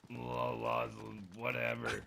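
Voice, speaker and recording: Gravelly joking man in voice chat. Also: medium pitch, monotone, slow, sharp tone. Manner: joking, teasing, swears freely. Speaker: streamer. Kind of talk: casual game voice chat.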